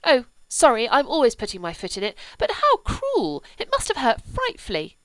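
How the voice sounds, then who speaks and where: A woman voicing a blunt, lively young girl who talks eagerly and exclaims a lot. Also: high-pitched, normal speed, dry recording, voice pushed up. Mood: excited.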